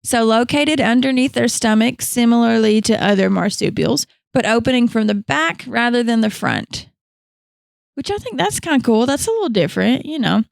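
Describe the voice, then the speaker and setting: High, smooth-voiced chatty podcast woman. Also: expressive, normal speed, no room sound, studio quality. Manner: chatty, swears casually, laughs often. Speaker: podcast co-host. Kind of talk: casual podcast chat.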